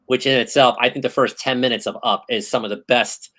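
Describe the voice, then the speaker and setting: A man in his thirties hosting a casual podcast chat, telling stories in an animated, excitable way. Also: mid-range voice, brisk, rough recording. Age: 30s. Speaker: host.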